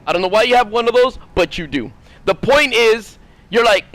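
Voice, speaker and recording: A man's voice: sits high, animated, fairly bright tone, dry recording. A man streaming a game, rambling and swearing as he rants casually at his chat, sometimes mimicking other people. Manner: rambling, profane, mimics others in quick asides. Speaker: gaming streamer.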